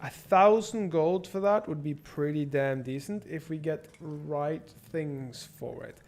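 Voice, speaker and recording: A young man streaming a strategy game, swearing and thinking out loud as he plans and shops. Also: a little high, slow pace. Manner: profane, rambling, thinks out loud. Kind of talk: casual gameplay livestream commentary.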